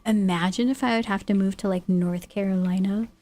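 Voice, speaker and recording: A woman's voice: mid-range voice, steady tone, a little fast, darkish tone. A woman from California streaming, chatting casually with her viewers and laughing often. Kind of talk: casual livestream chat, reading chat aloud.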